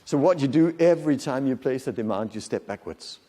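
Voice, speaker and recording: A male conference speaker with a mellow, mid-pitched voice talks to a large audience. He is animated and demonstrative and keeps asking the room questions. His voice carries a long reverb from the hall. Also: fairly quick. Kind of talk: lecture to an audience.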